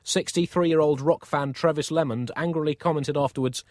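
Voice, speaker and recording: A man co-hosting a comedy podcast, reading scripted satirical news in a deadpan, wordy style. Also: on the high side, moderate pace, hardly any pauses, no room sound, clean studio sound.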